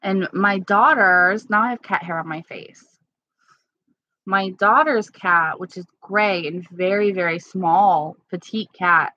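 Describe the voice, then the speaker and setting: A woman chatting casually with live-stream viewers at home, candid and quick to laugh. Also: medium pitch, bright, forceful tone, no echo. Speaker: livestream host. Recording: slightly dull lo-fi sound.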